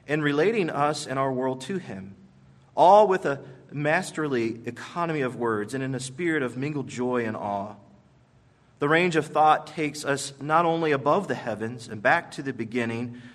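A man preaching a sermon, telling it like a story with emphatic weight. His voice sits at a middle pitch, and he leans on measured pauses. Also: a bit bright. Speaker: pastor.

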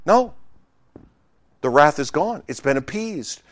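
A man preaching a sermon, emphatic and conversational, swinging between loud exclamations and hushed asides, with humorous remarks to the congregation. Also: on the high side, expressive, unhurried, no echo, studio quality. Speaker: pastor.

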